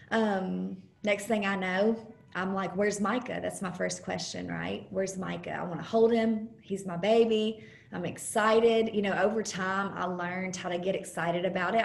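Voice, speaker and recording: A woman giving an earnest, halting personal testimony as a guest speaker over a video call, pausing often with fillers. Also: mid-range voice, creaky. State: close to tears at times. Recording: roomy video call audio.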